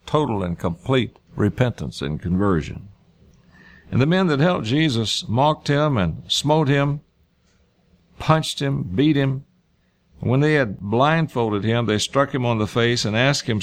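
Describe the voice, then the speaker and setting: A man preaching through a Bible passage verse by verse, reading each verse aloud and then restating it in plain everyday words, often repeating key phrases for emphasis. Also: medium pitch. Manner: reads scripture aloud then paraphrases it in plain speech.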